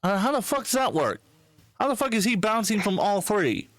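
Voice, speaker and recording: Excitable, profane man on a podcast. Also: high voice, normal speed, dry recording. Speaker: podcast host. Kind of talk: casual podcast chat.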